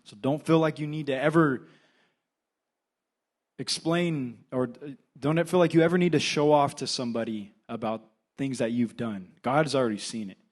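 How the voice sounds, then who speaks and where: Young male assistant pastor, Californian accent, chatty filler-laden church testimony, mid-pitched. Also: moderate pace. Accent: Californian English. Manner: conversational, filler-heavy storytelling. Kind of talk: casual testimony sermon.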